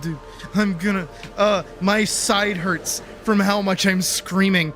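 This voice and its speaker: A young male streamer ranting at a video game with a very high, bright, cutting voice. He swears constantly and breaks into screams and laughter. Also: steady tone, slow, faint music behind. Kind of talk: live gameplay commentary.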